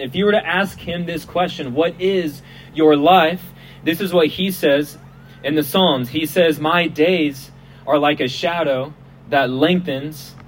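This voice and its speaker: Male preacher, slightly high voice, loose joking outdoor sermon, faint hum and vehicles behind. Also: rough recording. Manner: casual and joking, repeats and restarts words. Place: outdoors at a festival.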